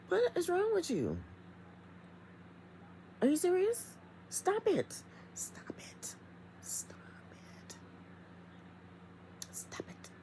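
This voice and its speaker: A middle-aged woman vlogger with a strikingly low, mellow voice that swings widely in pitch. She speaks emphatically and chattily to her viewers from home, with a faint hum of noise behind her. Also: low-quality recording. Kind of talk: casual vlog rant.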